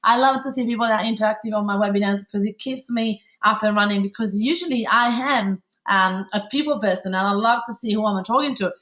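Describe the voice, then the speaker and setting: A woman from Italy with an Italian accent, hosting a live webinar in a fast, bubbly, chatty way with many fillers. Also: mid-range voice, a bit bright. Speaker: webinar host.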